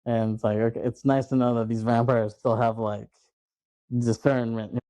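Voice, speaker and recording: A man on a movie podcast, chatting casually and laughing as he retells scenes, putting on the characters' lines. His voice is mellow and dark, recorded dry and close with no room sound. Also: mid-range voice, little pitch movement, normal speed, dry recording. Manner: loose retelling, acts out quotes, laughs often. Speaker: podcast host.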